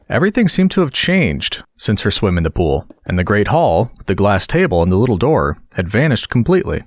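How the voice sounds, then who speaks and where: A man reading a children's classic aloud as a calm storybook narrator, gentle and measured. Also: fairly low pitch, dry recording, studio quality. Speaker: audiobook narrator.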